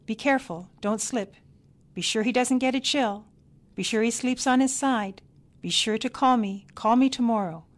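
Bossy elderly grandmother barking worried orders, high and loud, as a woman reads her. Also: lively intonation, normal speed, close to an everyday voice. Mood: fussing commands. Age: older. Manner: shouted commands, fretful.

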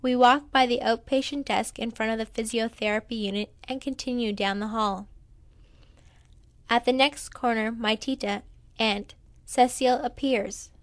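A woman reading a first-person memoir aloud in a plain, quiet storytelling manner. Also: on the high side, fairly even intonation, normal speed, dry recording. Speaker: narrator.

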